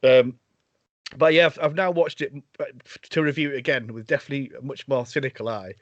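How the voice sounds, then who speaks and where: A man's voice: medium pitch, steady tone, brisk, no room sound. Hesitant man, dull sound. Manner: laughing, hesitant fillers. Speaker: podcast co-host. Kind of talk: casual chat.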